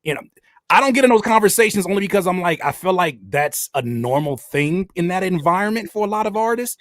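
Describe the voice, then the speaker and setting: A man hosting a relaxed podcast conversation, his voice sitting a bit high and swinging widely in pitch as he talks. He tells his points with lively energy. The sound is dry and close. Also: a little fast, no room sound. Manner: animated, acts out quotes. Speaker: host. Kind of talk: casual podcast chat.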